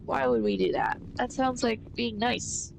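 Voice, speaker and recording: A woman's voice: on the high side, fairly even intonation, measured pace, creaky, poor audio. A woman casually commentating a video game playthrough, thinking aloud with a stuffy nose. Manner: thinks aloud, rambling with fillers. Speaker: gaming streamer.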